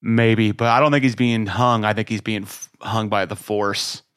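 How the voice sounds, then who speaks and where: A man co-hosting a podcast, chatting casually, excitable and profane, with lots of restarts. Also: lowish voice, moderate pace, smooth, dry recording, clean studio sound. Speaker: podcast co-host. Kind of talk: casual chat.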